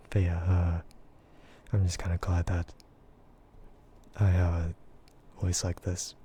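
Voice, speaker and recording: An American man chatting in a soft, gentle ASMR voice, relaxed and hesitant with frequent giggles. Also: sits low, slow, long pauses, slight background noise. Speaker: VTuber streamer. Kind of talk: soft-spoken ASMR chat.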